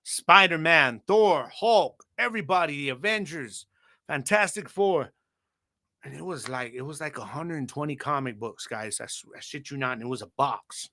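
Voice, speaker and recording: A man's voice: fairly high pitch, moderate pace. A man hosting a podcast, telling a childhood story in a casual, slangy way and talking straight to his listeners. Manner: animated, slangy, addresses audience directly. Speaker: podcast host.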